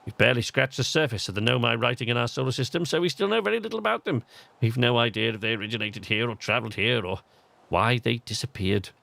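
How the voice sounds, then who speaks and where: A man's voice: medium pitch, fast talker, gravelly. A man reading out a cheerful, encouraging male alien astronomer with an English accent, a friendly mentor seeing off a young astronaut. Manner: warm, encouraging, chatty.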